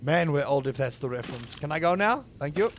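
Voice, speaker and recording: A man giving playful, theatrical let's-play commentary over a game, now and then breaking into high panicked yelps. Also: lively intonation, a little fast, slight background noise. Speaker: gaming video creator.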